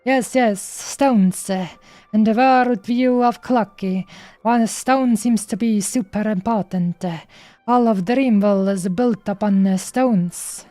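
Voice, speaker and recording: A woman's voice: mid-range voice, slow pace, mellow, faint music behind. A woman streamer reading game dialogue aloud in a playful way, stopping often on fillers as she goes.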